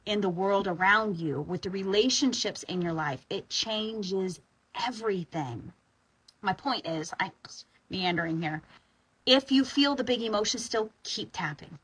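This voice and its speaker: A woman's voice: mid-range voice, fairly bright tone, slightly rough, poor audio. A woman guiding an EFT tapping session, talking informally, sighing on the exhales and sometimes pressing hard for emphasis.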